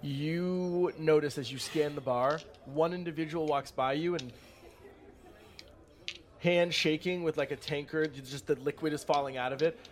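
A man's voice: fairly high pitch, steady tone, measured pace. Man narrating a tabletop game. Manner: descriptive, with fillers and restarts. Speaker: game master.

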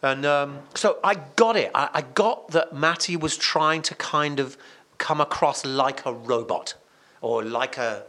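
A man, a radio presenter and songwriter guesting on a podcast, telling a story in an animated, emphatic way, restarting and repeating himself often. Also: fairly high pitch, measured pace. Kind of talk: casual conversational storytelling.

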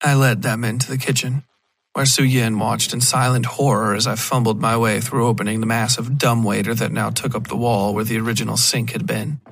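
A man's voice: medium pitch, flat delivery, a little fast, vocal fry, a bit bright, no echo. A man narrating a first-person horror story for a podcast, reading casually and acting out the dialogue lightly. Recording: music bed under the narration.

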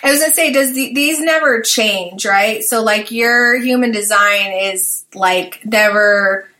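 A woman's voice: a little high, measured pace, bright, forceful tone. A woman hosting a podcast, chatting casually and thinking aloud with lots of filler words. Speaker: podcast host. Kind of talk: podcast conversation.

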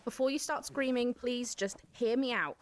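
A woman's voice: a little high, normal speed, slight background noise, close to an everyday voice. An actress playing a desperate young woman searching for a missing friend, pleading and defiant.

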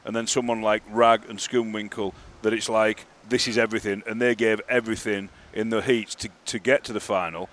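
A man's voice: on the low side, flat delivery, brisk, few pauses, fairly bright tone. A man co-hosting a podcast, rambling through his points and often checking whether he is understood. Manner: rambling, asks for agreement. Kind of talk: casual podcast chat.

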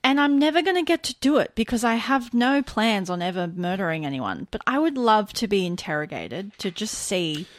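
A woman's voice: medium pitch, very animated, brisk, hardly any pauses, no room sound, studio quality. A woman co-hosting a casual chat, often chiming in with short reactions and comments. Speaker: podcast co-host.

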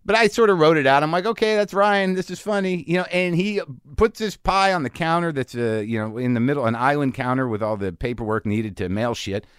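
A man hosting a podcast, telling a story in a casual, animated way and acting out the people in it. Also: medium pitch, a little fast, hardly any pauses, clear, resonant tone, dry recording, studio quality. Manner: animated, acts out the people in his stories. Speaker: podcast host. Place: home garage studio.

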